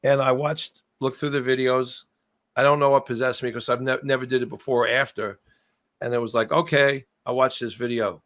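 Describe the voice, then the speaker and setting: A man talks in an easy, meandering way as the guest on a video call. He keeps trailing off and starting over while he tells his story. His voice sits at a middling pitch, and the sound is dry and close, with no room around it. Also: little pitch movement, a little fast, a bit bright, dry recording. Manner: rambling, trailing off and restarting. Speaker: guest musician. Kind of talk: casual interview storytelling.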